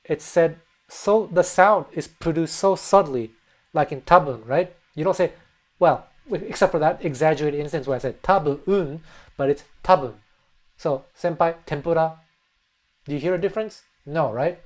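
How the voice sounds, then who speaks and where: A man whose first language is English, teaching pronunciation in a casual spoken lesson, relaxed and repeating words slowly to demonstrate. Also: on the high side. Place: Fukuoka, Japan.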